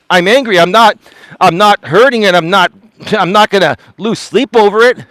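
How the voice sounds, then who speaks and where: A man's voice: sits high, normal speed, fairly bright tone, no echo. A man, a life coach, talking on a live walking stream in an indignant, lecturing way, often repeating himself. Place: outdoors walking.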